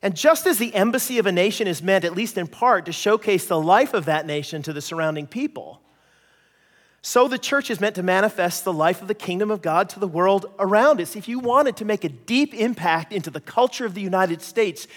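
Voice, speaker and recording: A Canadian man preaching a sermon, an animated storyteller who acts out voices and jokes at his own expense. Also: high-pitched, brisk, in a large hall. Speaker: pastor.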